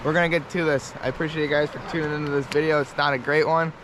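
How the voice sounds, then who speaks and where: A man's voice: a little high, racing, background noise. A man hosting a casual fishing vlog outdoors by a winter river, talking plainly and matter-of-factly to his viewers. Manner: relaxed, matter-of-fact, signs off to viewers. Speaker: fishing channel host.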